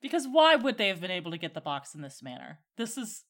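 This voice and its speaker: A woman's voice: fairly low pitch, big pitch swings, fast talker, fairly bright tone. A woman co-hosting a casual book podcast, with sardonic, exasperated commentary. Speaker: podcast co-host.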